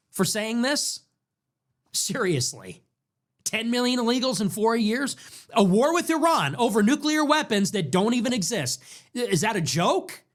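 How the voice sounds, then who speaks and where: A young man hosting a political show, delivering a heated monologue full of repeated rhetorical questions. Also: high voice. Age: young adult. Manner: ranting, repetitive rhetorical questions.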